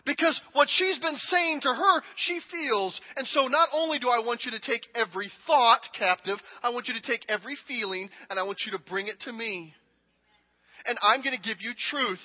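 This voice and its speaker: A man preaching a sermon and acting out a king speaking, dramatic and emphatic, moving between hushed lines and shouting. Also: extremely high pitch, normal speed. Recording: long hall reverb, dull audio.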